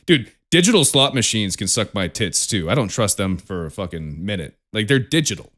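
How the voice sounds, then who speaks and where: A man's voice: lowish voice, big pitch swings, normal speed, a bit bright. A young man co-hosting a podcast, chatting casually with plenty of profanity and frequent laughter. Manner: profane, ranting, laughs often. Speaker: podcast co-host. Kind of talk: casual chat.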